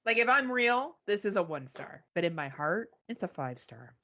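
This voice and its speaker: A woman's voice: mid-range voice, big pitch swings, moderate pace, bright, forceful tone. A woman from Canada co-hosting a movie podcast, chatting frankly and swearing with a laugh. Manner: frank, profane, laughs often. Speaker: podcast co-host. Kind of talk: casual chat.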